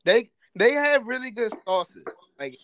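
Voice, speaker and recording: A man's voice: extremely high pitch, expressive, a little slow, noisy background. A man co-hosting a podcast in casual chat, rambling and trailing off in slangy talk. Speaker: podcast co-host.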